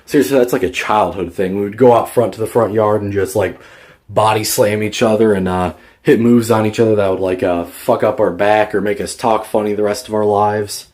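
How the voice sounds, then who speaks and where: Low-pitched man, casual rambling vlog storyteller, profane. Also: steady tone, fairly quick, a little mellow. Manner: rambling, profane, many fillers. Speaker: vlogger.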